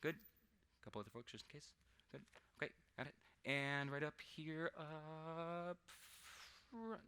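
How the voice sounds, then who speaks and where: Bright-voiced man joking with a crowd. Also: on the high side, measured pace, clean tone. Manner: self-deprecating, chatty, laughs often. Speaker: stage mentalist performer. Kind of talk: live comedic mind-reading act with audience. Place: large convention hall stage.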